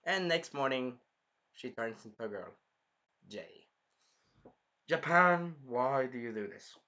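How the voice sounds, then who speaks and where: A young man reviewing an anime episode in casual, animated chat, swearing freely as he talks. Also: mid-range voice, a little slow, muffled recording. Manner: animated, swears, acts out scenes in funny voices.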